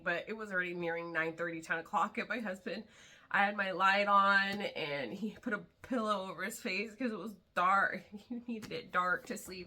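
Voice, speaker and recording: A woman's voice: fairly low pitch, sharp tone. A young woman vlogger chatting casually and enthusiastically about a book she loves, rambling with many fillers. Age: young adult. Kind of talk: casual book review chat.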